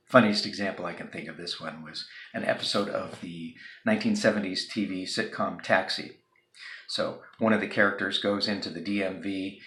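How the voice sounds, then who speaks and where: Gravelly low-voiced man lecturing. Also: a bit bright, echoey room, a little hiss or hum. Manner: casual, joking, filler-heavy. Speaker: instructor. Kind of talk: recorded video lecture.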